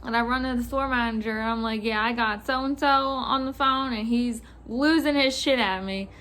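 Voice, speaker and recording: A young woman vlogger telling a work story in a casual, animated rant, swearing and acting out what callers said. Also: on the high side, normal speed.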